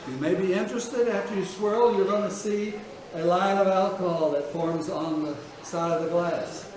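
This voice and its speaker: With a crowd audible behind him, a high-voiced man at normal speed leads a group through a distillery warehouse and tasting room. His folksy, chatty patter is sprinkled with "okay?" and "all right?", and the recording is distant and noisy.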